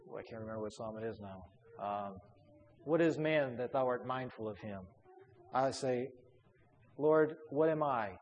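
A man's voice: mid-range voice, a little mellow, muffled recording, a little hiss or hum. A man leading a Bible study as a pastor, talking in a conversational way with fillers and repeated words. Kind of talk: informal Bible study teaching. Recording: long hall reverb.

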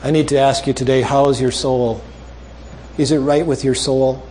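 A male preacher closing a sermon with a story, making earnest, repeated appeals and dropping soft and low for emphasis. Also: steady tone, normal speed, a little hiss or hum.

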